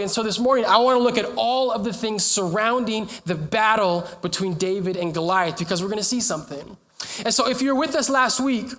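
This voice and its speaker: A young man's sermon in a raised, high-pitched voice, breezy and conversational as he jokes with the congregation. He sometimes lifts his voice to a shout to get the room to answer. He speaks as a pastor addressing his church.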